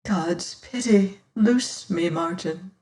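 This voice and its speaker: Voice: mid-range voice, slow pace, darkish tone, roomy sound, lightly acted. A reader voicing a proud young woman pleading through tears in an audiobook. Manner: pleading, breaking into sobs and whispers. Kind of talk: audiobook character reading.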